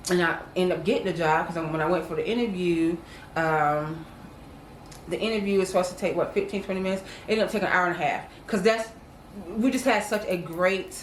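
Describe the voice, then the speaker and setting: A woman's voice: on the low side, echoey room, a little hiss or hum, low-quality recording. A woman co-hosting a casual talk, earnestly telling a personal testimony and calling her viewers y'all. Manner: earnest storytelling, acts out quoted voices, addresses viewers as y'all. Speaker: co-host.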